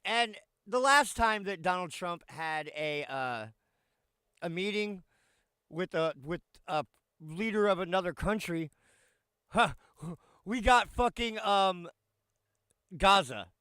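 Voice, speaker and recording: Man, live streamer, foul-mouthed casual chat, high-pitched, bright crisp voice, dry close sound. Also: animated, slow, pauses often, dry recording. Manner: brash, swearing, talks to chat; irritated, muttering while fixing stream.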